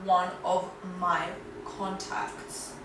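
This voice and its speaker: A woman in her twenties telling a storytime vlog in casual chat, animated and fast, dropping low and jumping high. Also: background noise. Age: 20s. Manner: animated, fast-talking, swings from low mutters to high outbursts. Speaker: vlogger. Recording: echoey room, voice a bit far from the mic.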